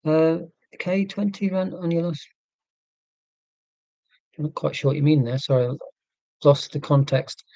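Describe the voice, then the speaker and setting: A man's voice: on the high side, normal speed, vocal fry, pauses often, mellow, no echo. A man chatting casually and reading out viewer comments, rambling and wry about himself. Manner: rambling, self-deprecating, wry. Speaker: YouTuber answering viewer comments. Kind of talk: casual rambling live chat.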